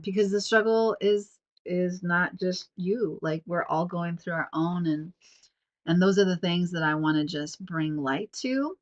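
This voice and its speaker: A woman in her thirties sits alone and records her podcast herself. Her voice sits a little low. She rambles through fillers and restarts, and her nose is slightly sniffly. The sound is dull and lo-fi, like a home recording. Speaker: podcast host. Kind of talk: casual reflective monologue. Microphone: self-recorded on camera.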